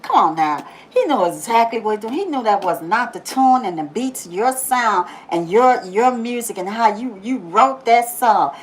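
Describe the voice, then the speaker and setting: A woman hosting a daily positive-message video, talking casually, laughing often and repeating phrases for emphasis, then softening into slow prayer. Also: a little high, animated, poor audio. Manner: drops to a soft, slow prayerful tone. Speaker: YouTube host giving a daily positive message. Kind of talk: casual inspirational monologue.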